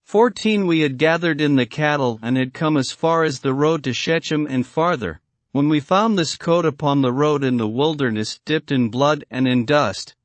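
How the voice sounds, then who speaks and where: A man's voice: a little high, moderate pace, no room sound. A man reading an old scriptural story aloud in a solemn archaic style, calling out verse numbers. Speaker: narrator.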